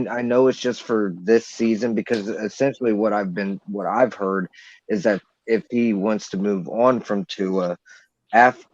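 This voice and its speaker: A man's voice: on the low side, a little mellow, no echo, lo-fi sound. A man politely raising a point on a podcast, hesitant with fillers. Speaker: podcast guest. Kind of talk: casual podcast chat.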